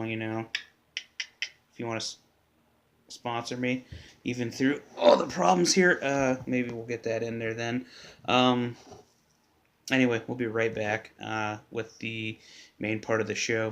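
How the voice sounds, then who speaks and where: A man's voice: mid-range voice, a bit bright. A man hosting his own sports podcast from his basement, talking casually and bluntly, swearing and muttering to himself as he fiddles with his setup. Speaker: podcast host. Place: home basement.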